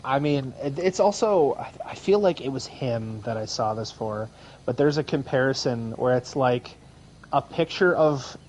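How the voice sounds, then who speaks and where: A man's voice: medium pitch, lively intonation, normal speed, a little mellow, a little hiss or hum, low-quality recording. A man in his thirties co-hosting a casual podcast, rambling through long stories. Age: 30s. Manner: rambling, lots of fillers and restarts. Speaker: podcast co-host. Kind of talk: casual chat.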